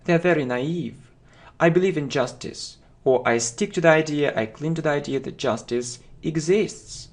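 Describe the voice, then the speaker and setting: A man teaching English vocabulary, who says each phrase and then repeats it slowly and deliberately. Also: on the high side. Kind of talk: vocabulary lesson.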